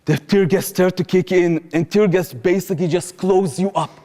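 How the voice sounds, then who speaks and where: High-voiced man telling his story. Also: moderate pace, dark tone. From Israel. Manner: earnest, vivid, slightly non-native phrasing. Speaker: public speaker, former soldier. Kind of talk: personal storytelling talk. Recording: reverberant hall.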